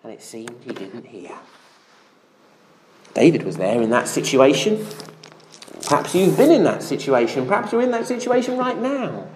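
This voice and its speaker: An earnest preacher delivering a sermon, the voice swinging widely up and down as quoted prayers are given real feeling. It is recorded in an echoey church room, with faint noise in the background. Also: mid-range voice.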